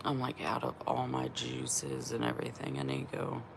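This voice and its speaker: A woman's voice: extremely low pitch, very animated, moderate pace, creaky, noisy background. A middle-aged woman vlogging in casual chat, laughing often and swearing freely while feeling unwell from a cleanse.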